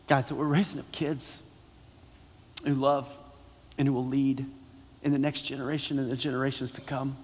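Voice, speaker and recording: A man's voice: medium pitch, little pitch movement, normal speed, pauses often, husky. A man preaching a sermon as pastor, emphatic, repeating key phrases and questioning the congregation. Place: church sanctuary. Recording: long reverb in a large hall.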